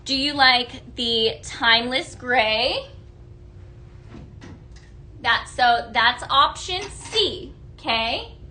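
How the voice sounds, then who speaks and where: A woman's voice: high voice, lively intonation, very slow, long pauses, sharp tone. A woman hosting a live shopping stream, gushing over products and reading out viewer comments in a bubbly, chatty way. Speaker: live-selling host.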